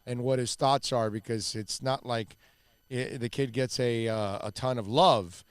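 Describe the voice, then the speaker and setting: A man's voice: medium pitch, steady tone, a little slow, smooth, no echo. A man hosting a sports radio show in a loose, chatty way, with a Miami accent and lots of fillers. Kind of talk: casual sports radio talk.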